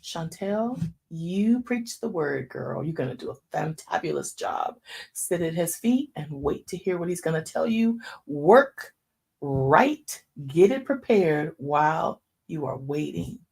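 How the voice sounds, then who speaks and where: This woman in her fifties has a deep, husky voice with vocal fry and talks a little slowly in her informal sermon. She tells stories animatedly, addressing listeners as y'all.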